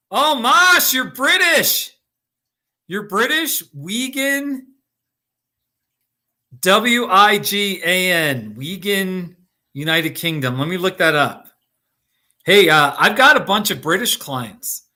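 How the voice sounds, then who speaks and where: A man's voice: high voice, expressive, slow pace, pauses often, sharp tone. A middle-aged American man hosting a casual livestream, chatting with viewers by name and laughing often. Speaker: livestream host. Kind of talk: casual live chat reading comments. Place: Colorado.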